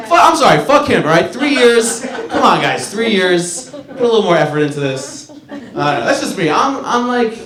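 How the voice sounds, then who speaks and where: A man in his thirties works a comedy club stage with a lively, swooping delivery, rambling and swearing his way toward shouted punchlines. His voice sits a little high, and it rings through a roomy club while a crowd laughs behind him. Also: moderate pace. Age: 30s. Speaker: stand-up comedian. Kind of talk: stand-up comedy set. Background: laughing audience.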